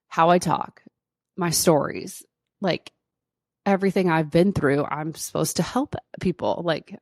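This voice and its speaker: A woman's voice: sits low, darkish tone, dry recording, clean studio sound. A woman doctor hosting her own podcast, telling a personal story in a chatty way with lots of fillers. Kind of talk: casual solo podcast storytelling.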